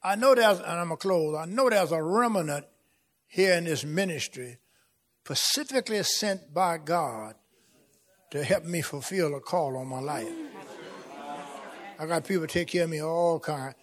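Fiery preaching man, high-pitched. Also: unhurried, long pauses. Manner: rhythmic, repetitive preaching that swells into shouting; casual folksy speech with "y'all" and "ain't". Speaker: pastor. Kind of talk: fiery sermon. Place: church sanctuary with congregation.

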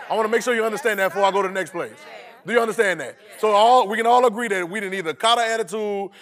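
High-voiced playful male preacher. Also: a bit bright. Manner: call-and-response, playful, acts out texts and scripture in voices. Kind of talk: sermon.

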